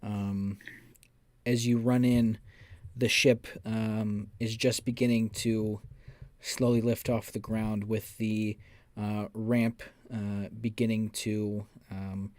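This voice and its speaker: A man narrating a tabletop role-playing game as game master, describing scenes to the players in a measured second-person voice. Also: lowish voice, little pitch movement, a little mellow, no room sound.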